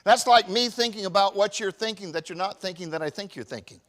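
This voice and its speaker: A pastor in his fifties preaching a sermon, swinging from shouted emphasis to quiet, personal confession. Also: sits high, fast. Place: church.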